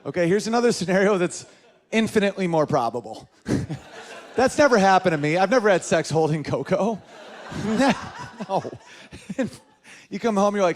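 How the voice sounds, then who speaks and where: A man's voice: sits high, moderate pace. A man from northern New York performing a stand-up comedy set on a club stage, telling stories and acting out the voices of the people in them. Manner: animated storytelling, acting out voices in quotes.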